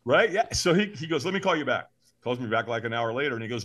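A man's voice: mid-range voice, fast. A man, a podcast guest, telling a story with animation, acting out voices and laughing often. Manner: lively, acts out voices in his stories, laughs often.

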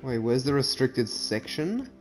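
A young man giving casual, excitable commentary while playing a video game. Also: mid-range voice, measured pace, faint music behind. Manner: excitable, enthusiastic. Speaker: gamer.

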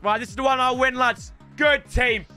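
A young man commentating on his own gameplay, excitable and prone to shouting outbursts, addressing viewers as lads. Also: extremely high pitch, normal speed, music in the background. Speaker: gaming YouTuber.

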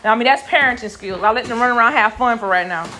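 Loud scolding mother on a phone live stream. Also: on the high side, fast talker. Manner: scolding children, loud and blunt. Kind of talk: casual live stream chat. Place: busy family home indoors. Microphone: phone camera.

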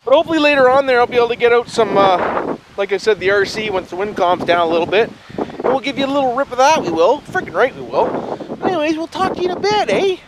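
Man, Canadian accent, folksy vlog chatter, high lively voice, heavy wind noise. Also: quick pace. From Ontario, Canada. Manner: folksy, tags lines with "eh" and "frig". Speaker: vlogger. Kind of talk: casual outdoor vlog chat. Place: outdoors by a river at a campground. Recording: loud wind noise on the mic.

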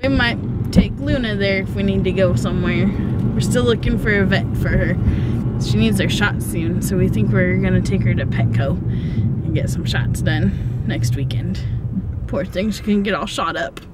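A woman's voice: medium pitch, normal speed, very noisy. A woman chatting casually in a vlog, bubbly and giggly, with sing-song asides while driving. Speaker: vlogger. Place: in a car, driving.

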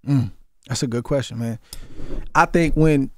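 A man's voice: mid-range voice, unhurried, darkish tone. A man in his forties with an Oakland accent, a former boxer speaking as a guest in a radio studio interview, earnest and often repeating words as he builds his point. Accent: Oakland, Bay Area. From Oakland, California. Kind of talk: casual interview conversation. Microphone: studio microphone.

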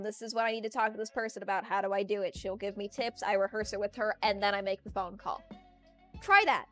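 A young adult woman with a mid-range, fairly bright voice streams from home, ranting in a casual, talkative way. She laughs often as a faint music playlist plays.

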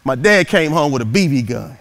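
A man giving a motivational speech through storytelling, animated and dramatic, swinging from loud peaks to hushed asides. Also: medium pitch, brisk. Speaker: motivational keynote speaker.

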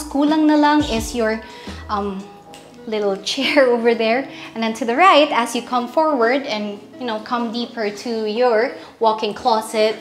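A woman with a Filipino accent hosting a casual house tour, chatty and playful, joking with her viewers as she walks room to room. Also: fairly high pitch. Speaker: real estate house tour host. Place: inside a large house, walking room to room.

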